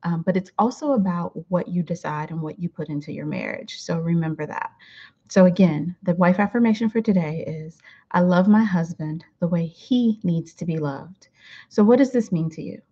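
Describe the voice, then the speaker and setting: Her voice lowish with a breathy edge and a moderate pace, a middle-aged host of a weekly affirmation show talks to the camera from her home. She's warm, chatty, full of fillers, and laughs easily, all on a dull lo-fi recording.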